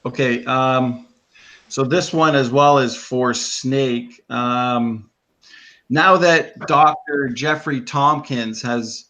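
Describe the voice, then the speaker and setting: A man's voice: mid-range voice, a bit bright. A man moderating a debate, reading out audience questions in a casual, hesitant way.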